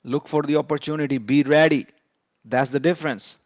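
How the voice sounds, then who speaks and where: A man's voice: on the high side, fairly even intonation, a little fast, no room sound, studio quality. A man giving a trading lesson in an emphatic, lecturing way, often repeating key points for stress. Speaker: trading educator.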